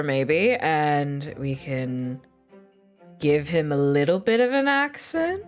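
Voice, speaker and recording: A woman's voice: sits low, expressive, measured pace, soft background music. A woman streamer chatting casually, giggling often and swearing freely. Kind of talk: casual live-stream chat.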